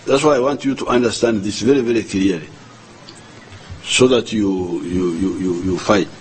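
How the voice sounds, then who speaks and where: An older man with a Ugandan accent giving a formal address to the nation as head of state, speaking slowly and deliberately and often repeating words as he searches for the next one. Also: lowish voice, a little hiss or hum, low-quality recording.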